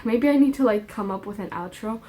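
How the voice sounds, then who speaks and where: A woman's voice: mid-range voice, brisk, mellow. A young woman giving an earnest, emotional religious monologue to her viewers, repeating points with rising emphasis and dropping into casual slang asides. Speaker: faith vlogger.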